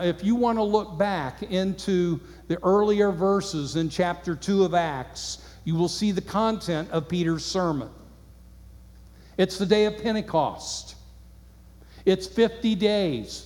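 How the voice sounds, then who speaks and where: A man's voice: sits high, a little mellow. A man preaching a sermon, reading scripture aloud and asking his listeners earnest rhetorical questions. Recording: long hall reverb.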